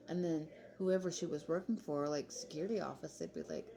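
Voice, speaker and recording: Low, gravelly woman chatting. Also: normal speed, dark tone. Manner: chatty, laughs often, Southern-style "y'all". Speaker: commentary vlogger. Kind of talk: casual commentary chat.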